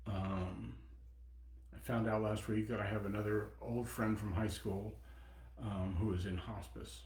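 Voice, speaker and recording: A man's voice: fairly low pitch, flat delivery, darkish tone. Reflective seventy-year-old man in echoey room. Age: 70s. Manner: reflective, pausing, personal. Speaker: Buddhist teacher. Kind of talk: dharma talk.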